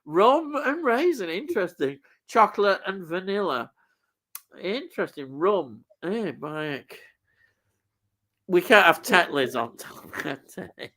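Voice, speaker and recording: A male live-stream host talks slowly, his pitch rising and falling a lot. He muses aloud and laughs often through easy, casual chat. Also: big pitch swings, sharp tone.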